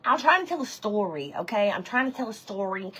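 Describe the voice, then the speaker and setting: A woman's voice: medium pitch, very animated, a little fast, fairly bright tone, husky, rough recording. A woman telling a story during a live stream, greeting viewers by name as she chats. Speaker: livestream host. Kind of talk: casual storytelling while reading live comments.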